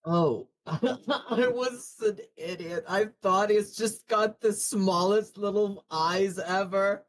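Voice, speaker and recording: A woman's voice: mid-range voice, slow pace. A woman player at a tabletop game, chatting casually and teasing herself. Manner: animated, self-mocking. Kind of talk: casual chat.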